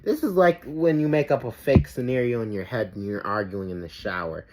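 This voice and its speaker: A man's voice: mid-range voice, a little fast. A man hosting a reaction video who rants in a rambling, profane, exasperated way, full of "like". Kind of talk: ranting reaction commentary. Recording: steady background noise.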